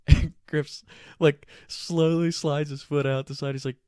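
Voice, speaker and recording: A young man casually telling a funny, profane story, animated and laughing often. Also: mid-range voice, moderate pace, dry recording, studio quality.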